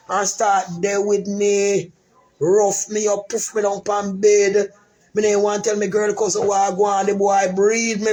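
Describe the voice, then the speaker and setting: A woman's voice: mid-range voice, darkish tone, slightly rough. A middle-aged woman with a Jamaican accent, telling her life story in casual patois and repeating phrases for emphasis.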